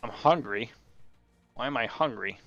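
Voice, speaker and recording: A man's voice: mid-range voice, unhurried, vocal fry, a bit bright, no echo, muffled recording, faint music behind. A man hosting his gaming channel, chatting and rambling through his gameplay and talking to the animals in the game. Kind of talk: casual gameplay commentary.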